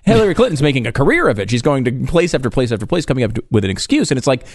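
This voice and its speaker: A man as a guest commentator on a political talk radio show, relaxed and wry, with chuckling asides. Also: medium pitch, racing.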